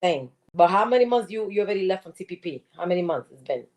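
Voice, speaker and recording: A co-host in a live-stream chat who reasons steadily with an upset guest. The voice moves around a lot in pitch while staying even in manner, and keeps coming back to the same question. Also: quick pace. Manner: calm, reasoning, repetitive questioning.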